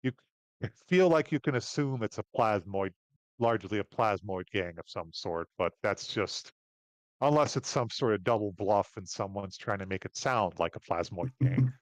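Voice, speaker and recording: A man running a tabletop game as game master, relaxed and hesitant, with many fillers. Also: lowish voice, normal speed, no room sound.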